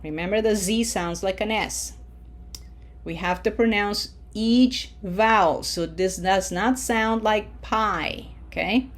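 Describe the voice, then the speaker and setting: A woman leads a Spanish pronunciation lesson at an unhurried pace. She explains step by step in a mid-range voice and keeps checking in with her students as she goes. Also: mid-range voice. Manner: patient, repeats "okay?" often, models words slowly. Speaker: Spanish teacher. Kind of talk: classroom lesson.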